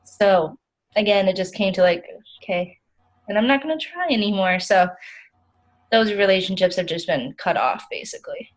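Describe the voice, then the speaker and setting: A woman's voice: mid-range voice, lively intonation, moderate pace, close to an everyday voice, poor audio. A young woman playing an overwhelmed, self-critical counseling client, rambling with many "like" fillers in a role-play. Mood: weary, frustrated.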